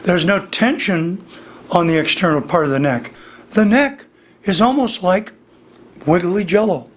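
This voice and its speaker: An older man teaching singing in a slow, deliberate interview manner, his voice slightly worn. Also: high-pitched, expressive. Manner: demonstrates vocal registers, slow and deliberate. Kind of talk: instructional interview.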